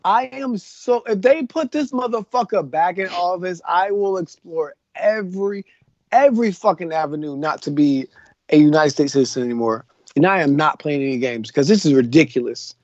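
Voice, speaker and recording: A man's voice: on the high side, normal speed, a little mellow, no echo. A man co-hosting a casual podcast chat, ranting in a heated, profane way. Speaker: podcast co-host. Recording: dull, lo-fi dry recording.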